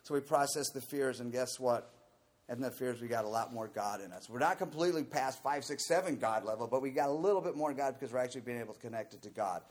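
A man's voice: medium pitch, fast talker. A man giving a candid, conversational talk to a group about recovery program steps, often saying "you know".

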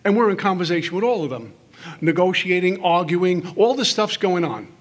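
Husky high-voiced man giving a recovery talk. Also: lively intonation. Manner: storytelling, acts out inner voices with quick asides. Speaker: recovery workshop speaker. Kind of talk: humorous recovery talk to a live audience. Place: meeting hall with audience.

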